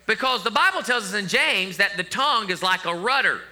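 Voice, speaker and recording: A man's voice: high voice, expressive, fairly quick, sharp tone. A middle-aged male pastor preaching a sermon in a conversational way, with joking asides to the congregation.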